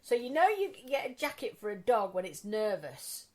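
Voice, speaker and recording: Teasing woman with a lively voice. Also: medium pitch. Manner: teasing, laughing, quick to butt in with jokes. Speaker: podcast co-host. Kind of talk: casual chat.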